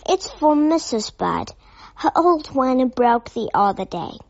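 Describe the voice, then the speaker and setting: A woman's voice: high voice, big pitch swings, takes it slowly, vocal fry, no room sound, exaggerated voice. A woman doing an earnest little bear. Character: small polite young bear, earnest. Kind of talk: storybook reading. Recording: slightly dull lo-fi audio.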